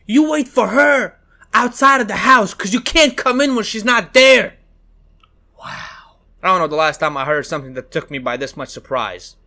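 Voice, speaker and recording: Guy with high gravelly voice, bright and jokey, faint music playing. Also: expressive, moderate pace. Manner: laid-back, joking. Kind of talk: music reaction commentary.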